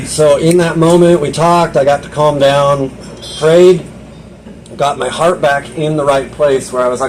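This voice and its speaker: A man's voice: fairly high pitch, normal speed, darkish tone, a little hiss or hum, rough recording. A young man giving a personal testimony at a Bible study, talking earnestly in a loose conversational way, often restarting and voicing his own inner thoughts.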